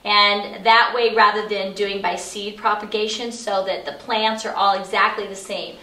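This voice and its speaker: This is a middle-aged woman whose mid-range voice comes out pushed and bright, steady in tone and at a normal speed. She's chattily teaching about essential oils with frequent fillers, and the office recording is echoey with her far from the microphone.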